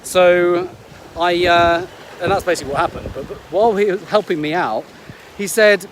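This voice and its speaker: An upbeat man talks in a casual vlog, restarting his sentences as he goes. His voice sits fairly high. Ocean waves and wind roar clearly behind him on the beach. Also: normal speed. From England. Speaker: health coach.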